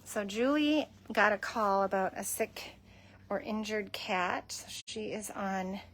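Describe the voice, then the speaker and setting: Slow-talking woman cooing at shelter cats. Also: medium pitch. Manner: chatty, coos softly at the cats. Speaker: cat shelter volunteer filming a livestream. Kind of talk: casual livestream chat. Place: cat shelter room.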